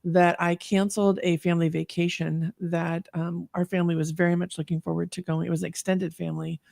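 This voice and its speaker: A woman's voice: lowish voice, little pitch movement, a little fast, gravelly, a little mellow, dry recording, clean studio sound. Woman, fifties, earnest, reflective, guest telling a personal story. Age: 50s. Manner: earnest, reflective, frequent fillers and restarts. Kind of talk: personal story in an online talk.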